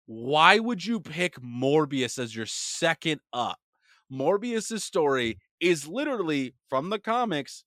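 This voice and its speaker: Animated, bright-voiced young podcast host. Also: male voice, a little high, slow, no echo, studio quality. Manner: animated, profane storytelling with voices. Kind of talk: casual chat.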